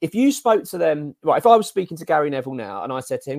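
English guy cohosting a footy pod, quick and worked up, calls everyone mate, dry close mic. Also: a little high, creaky, no echo. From England. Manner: animated, exasperated opinions, addresses co-host as mate. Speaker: podcast co-host. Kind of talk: casual football chat.

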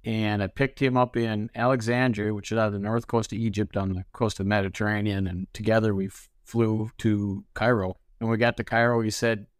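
Man, animated storyteller, dry close mic. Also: lowish voice, a little fast, hardly any pauses, dry recording. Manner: animated, laughing storyteller who acts out dialogue. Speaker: ferry pilot guest. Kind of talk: storytelling interview.

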